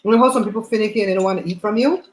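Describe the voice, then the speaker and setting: Woman gabbing and telling stories over dinner, mid pitch, echoey room on a laptop mic. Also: racing, noisy background. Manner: chatty storyteller, animated. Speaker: host. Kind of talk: casual chat while eating on a livestream. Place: home.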